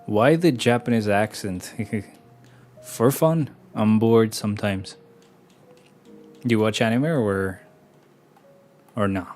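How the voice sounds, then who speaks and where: A man's voice: fairly low pitch, takes it slowly, pauses often, a little mellow, faint music behind. A young man from Albania, chatting casually and profanely with viewers while he plays. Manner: rambling, profane, answers chat between moves. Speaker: streamer. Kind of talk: casual gameplay chat with viewers.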